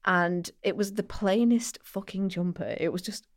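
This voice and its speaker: A woman's voice: mid-range voice, normal speed. A woman from England, co-hosting a podcast and telling stories in casual chat, acting out what people said. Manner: animated storyteller, acts out quoted voices. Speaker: podcast co-host.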